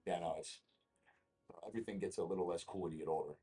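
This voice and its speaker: Deep and husky, this man's voice moves fast as he spins rambling, profane tales. He's a comedian and actor being interviewed casually, and he tells his stories with plenty of animation.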